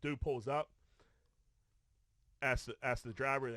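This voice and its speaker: A man's voice: fairly low pitch, steady tone, normal speed, long pauses, a bit bright, no room sound. A man co-hosting a podcast, telling a profane story with lots of restarts and acted-out quotes. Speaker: podcast co-host. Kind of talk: casual chat. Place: podcast studio.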